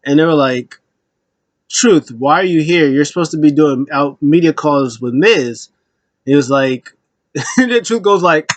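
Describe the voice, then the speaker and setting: A man talking through a casual recap in an animated, rambling way, full of fillers and little laughs. His voice sits a bit high, and he keeps switching into quick impressions as he retells what happened. The sound is dry and close to the mic. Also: dry recording. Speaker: wrestling recap host.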